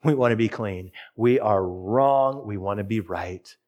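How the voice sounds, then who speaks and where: A middle-aged man preaching a sermon, telling a personal story and reading scripture with lively, expressive delivery. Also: measured pace, muffled recording. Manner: storytelling, animated with big pitch swings. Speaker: pastor.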